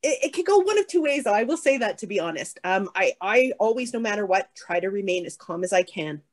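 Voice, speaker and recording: A woman answering a question as a keynote speaker, earnest and firm, with a lively, animated way of talking. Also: medium pitch, a little fast. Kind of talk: conversational answer on stage.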